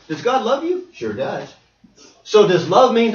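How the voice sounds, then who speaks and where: A male preacher giving a lively sermon and acting out little scenes and voices. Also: a little high, normal speed. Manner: animated, acts out voices and dialogue. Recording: echoey hall, distant dull mic.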